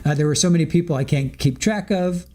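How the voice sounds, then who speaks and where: Guy recapping a trial live, chatty and giggly, kinda high but mellow dark voice. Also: fast. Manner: chatty, laughs often, quotes witnesses and the judge. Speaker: trial commentary host.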